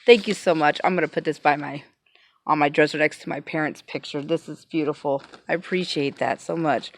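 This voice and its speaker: A woman's voice: low-pitched, fairly even intonation, brisk, a little hiss or hum. Emotional woman gushing over gifts. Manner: hesitant, many fillers and restarts. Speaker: vlogger. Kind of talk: casual unboxing vlog. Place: home, passing cars heard outside.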